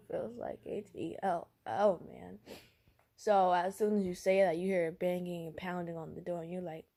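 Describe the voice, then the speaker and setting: Tired, giggly woman with a creaky voice. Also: lowish voice, level tone, moderate pace, warm tone. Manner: giggly, rambling, self-conscious. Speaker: storyteller. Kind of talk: casual role-play narration.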